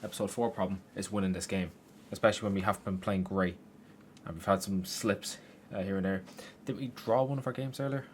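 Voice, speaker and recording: A young man narrates his own football game from his bedroom in a fairly low voice. He keeps breaking into frustrated, sweary outbursts at the players and the game. A faint hum of keyboard typing sits behind him. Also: fairly even intonation, a little fast. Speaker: gaming YouTuber. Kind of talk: gameplay commentary. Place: his room at home.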